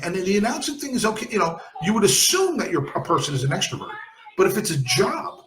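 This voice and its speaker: A man's voice: sits high, big pitch swings, fast talker, fairly bright tone, roomy sound. A man from New Jersey hosting a podcast in casual chat, blunt and emphatic. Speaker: podcast host.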